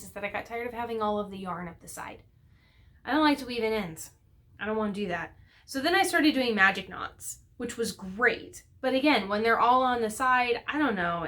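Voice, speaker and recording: A woman's voice: medium pitch, a bit bright. A woman hosting a knitting podcast, chatting casually and rambling with many fillers and self-corrections. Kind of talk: casual chat to camera.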